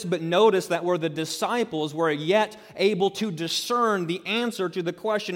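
Pastor, male, slightly high voice, emphatic sermon delivery with acted-out quotes, long hall reverb. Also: moderate pace, hardly any pauses. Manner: emphatic, builds to loud peaks, acts out quotes conversationally. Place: church sanctuary.

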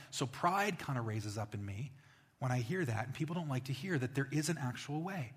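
A male pastor delivering a sermon in a slightly breathy, husky voice. He moves between plain teaching and lively storytelling. The sound carries a long reverb, as in a church hall. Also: mid-range voice, a little fast. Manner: storytelling, animated when quoting others.

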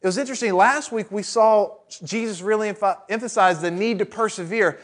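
A pastor preaching a sermon in a conversational way, asking the congregation rhetorical questions and adding joking asides. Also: male voice, sits high, fairly quick, fairly bright tone.

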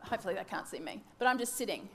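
A woman's voice: medium pitch, lively intonation, very fast, gravelly, a bit bright, a little hiss or hum. A woman in her thirties giving a devotional teaching talk, candid and self-mocking, acting out her own wandering thoughts. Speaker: church teacher.

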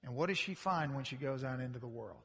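A man preaching a sermon, emphatic, rising from quiet reflection to loud declarations. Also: mid-range voice, lively intonation, fast talker, vocal fry, husky. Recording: long reverb from a large hall.

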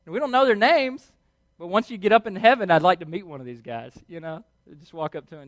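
A high-pitched man delivering a sermon with animated, conversational storytelling. He slips into quick acted voices as he goes. The sound is dry and close, with no room echo. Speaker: preacher.

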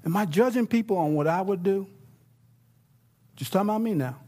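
A middle-aged man preaching a sermon as pastor, talking conversationally and swinging between quiet, hushed points and excited bursts. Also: high-pitched, brisk.

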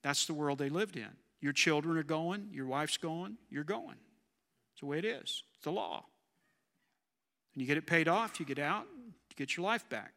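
In a large hall, a man with a fairly high, pushed, bright voice preaches a sermon. His style is conversational, and he frequently poses questions to his listeners.

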